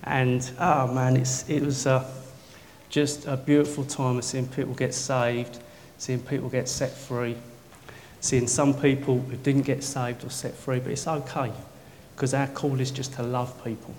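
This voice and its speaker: A man preaching a sermon in a church, swinging from jokey banter to soft, intimate prayer. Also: medium pitch, flat delivery, measured pace, slight background noise. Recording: long hall reverb, faint ambience.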